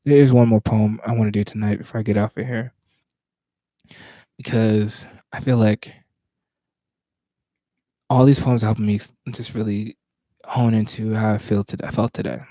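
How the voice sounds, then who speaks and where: With a lowish, dark-toned voice and flat delivery, a man from Virginia speaks at normal speed, leaving long pauses, with no room sound. He's a Southern-accented spoken word poet chatting between poems on a livestream at home at night, reflective and searching, his sentences breaking and restarting.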